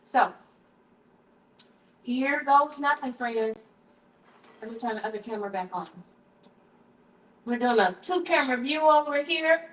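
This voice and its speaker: A woman with a fairly high voice livestreams casually from her home kitchen, chatting with viewers at a moderate pace as she tastes her food, then shifts into a hushed prayer. The distant camera mic makes the sound roomy, with slight background noise.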